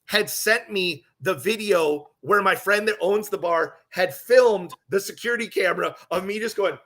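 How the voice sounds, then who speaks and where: A middle-aged man, a podcast host, telling a long story in a casual, profane, animated way. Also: sits high, normal speed.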